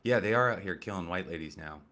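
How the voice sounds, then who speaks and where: This man hosts a comedy commentary show on politics, talking casually in a deep, slightly bright voice at a fast clip. He rambles and gets sarcastic, swearing heavily and filling his speech with fillers and restarts.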